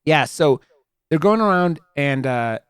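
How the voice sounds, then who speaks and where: Smooth-voiced man rambling through a movie review. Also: on the high side, animated, unhurried, no room sound, clean studio sound. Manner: rambling, full of fillers and restarts. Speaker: podcast co-host. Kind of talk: casual movie review chat.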